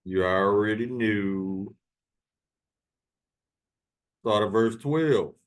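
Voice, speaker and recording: A man's voice: fairly low pitch, drawn-out words. Cursing, taunting preacher man with scripture. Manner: profane, taunting, reads verses aloud.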